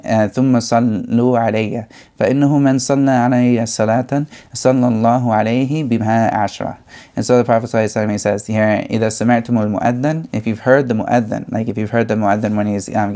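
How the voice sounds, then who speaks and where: A young man teaching a religious lesson, explaining slowly with many fillers and restarts. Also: lowish voice, fairly even intonation, warm tone. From United States.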